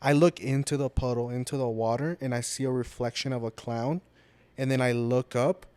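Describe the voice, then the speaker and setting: A man's voice: medium pitch, steady tone, moderate pace, darkish tone, clear, resonant tone. A young man in a middle register jokes and teases in casual podcast chat. The sound is close and dry, with no room echo. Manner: teasing, joking, slips into Spanish. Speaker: podcast co-host.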